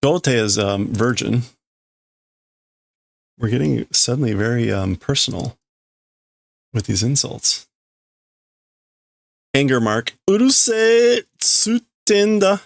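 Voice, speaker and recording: A man who is learning Japanese streams himself reading a comic and translating it aloud in a casual, hesitant way, with lots of fillers. His mid-range voice moves slowly, with vocal fry and long pauses. The recording is dry.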